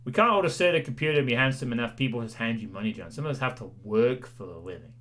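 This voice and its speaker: Male streamer in casual chat, rambling and self-deprecating, bright timbre, middle pitch. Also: lively intonation, rapid-fire. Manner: rambling, self-deprecating, with frequent "you know"s. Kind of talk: casual chat with a livestream audience.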